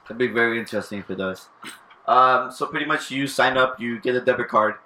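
A man hosting a casual podcast, leading the topic in a relaxed way and swearing now and then. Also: medium pitch, a little fast, reverberant. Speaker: podcast host. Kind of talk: casual chat.

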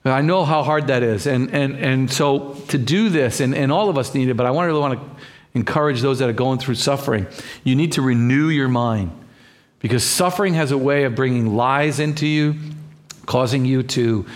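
A man's voice: mid-range voice, normal speed. A man preaching a sermon as pastor, fervent and repetitive, often restarting his words.

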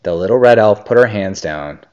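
A man reading a children's story aloud and chatting with his child, a gentle, animated storyteller. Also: lowish voice, a little fast, smooth. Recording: dull lo-fi recording.

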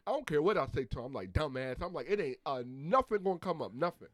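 A man casually telling a story among friends, animated and acting out the other people's lines. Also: on the high side, fast talker, dry recording.

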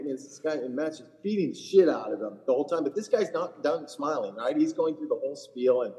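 A man's voice: fairly high pitch, lively intonation, fast, few pauses, mellow, big-room sound, low-quality recording. Blunt, profane middle-aged man. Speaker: PGA Tour caddie, podcast co-host. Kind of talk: casual podcast chat.

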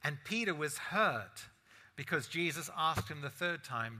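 A man's voice: fairly high pitch, expressive, a little slow, bright, forceful tone. A man preaching a sermon as a pastor, in a conversational style full of rhetorical asides to the congregation.

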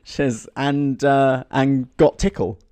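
A man's voice: mid-range voice, fairly even intonation, slow pace, warm tone, clean tone. A man co-hosting a comedy podcast, improvising a silly story with a rambling, giggly delivery. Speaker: podcast co-host.

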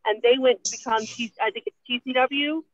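A woman's voice: a little high, fairly even intonation, brisk. A woman talking over the phone on a podcast, explaining things at length. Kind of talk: casual podcast chat. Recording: tinny phone line.

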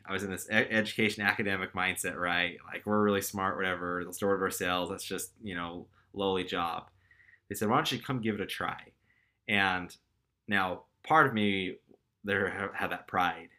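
A young man speaks in a casual storytelling way, candid and self-deprecating, and his voice turns animated as he goes. His tone is bright and forceful, sitting a little low in pitch. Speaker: storyteller recounting his career.

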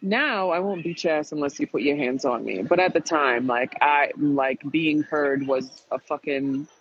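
A man's voice: a little high, moderate pace, breathy edge. A man casually retelling a frustrating reality show experience, profane and emphatic, quoting people as he goes. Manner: profane, emphatic, animated retelling with quoted voices. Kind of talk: casual storytelling chat. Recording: dull lo-fi sound.

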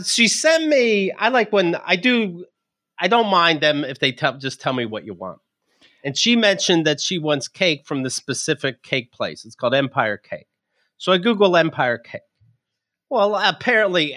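On the high side, his voice comes through a dry, clean studio recording. As a podcast co-host, he relates a comedic tale with lots of energy, frequent laughter, and acted-out lines for the people in it.

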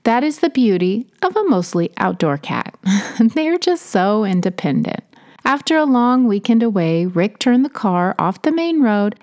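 This Tennessee woman works as a storyteller, narrating personal stories in a chatty way and laughing between them. Her voice sits on the high side with a darkish tone.

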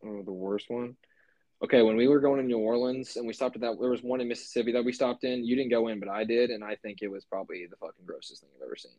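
A man's voice: medium pitch, fairly even intonation, quick pace, warm tone, no room sound. A young man co-hosting a podcast, telling a story in a loose, rambling way with lots of "like" and swearing. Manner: rambling, swears a lot, many fillers. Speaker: podcast co-host. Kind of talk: casual chat.

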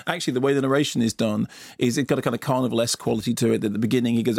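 Speaking at a racing pace with fairly even intonation, this man's gravelly, somewhat mellow voice sits at medium pitch. He's a radio film critic who reviews movies with enthusiasm, frequently tripping over words and starting over. It's a dry, studio-quality recording on a studio radio mic.

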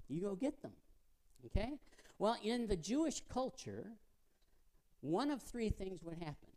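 A man preaching a sermon as a guest speaker. He tells the story vividly, asks the congregation questions and drops to a hush to make his points. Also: high-pitched, sing-song, moderate pace.

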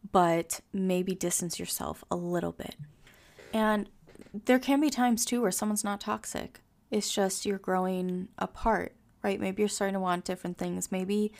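A woman's voice: mid-range voice, creaky. A woman hosting a solo podcast, talking directly and motivationally and acting out the complaints clients bring her. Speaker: podcast host and coach.

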